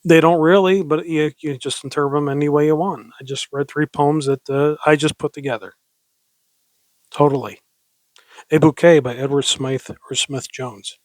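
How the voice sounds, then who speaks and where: A man with a slightly higher voice reads old poetry in a slow, theatrical way. Between poems he rambles chattily and coaches himself. The sound is dry and close. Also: fairly even intonation, no echo. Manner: slow, dramatic recitation with mock pirate growls. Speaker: poetry reader. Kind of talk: casual poetry reading with asides.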